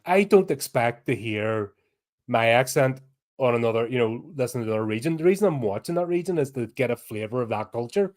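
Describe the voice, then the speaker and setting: A man's voice: mid-range voice, animated, a little fast. A Northern Irish man co-hosting a podcast in loose, casual chat. He talks bluntly and rants with free swearing, in a mid-range voice. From Northern Ireland. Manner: blunt, ranting, swears freely. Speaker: podcast co-host.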